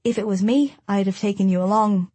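A woman's voice: medium pitch, steady tone, a little fast, warm tone, no room sound, close to an everyday voice. A woman voicing a smug, oily middle-aged hotel owner with an ingratiating manner in an audiobook. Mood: insinuating. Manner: smooth, ingratiating.

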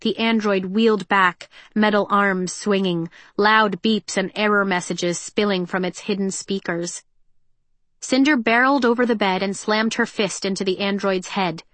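A woman reading an audiobook in a measured, tense and expressive way. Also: medium pitch, dry recording. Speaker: narrator. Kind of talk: audiobook narration.

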